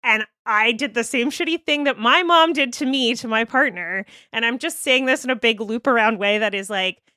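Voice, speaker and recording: Podcast guest, woman, animated storyteller, sweary, dry close sound. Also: fairly high pitch, clear, resonant tone, no room sound. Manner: animated, swears freely, quick asides. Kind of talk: casual storytelling chat.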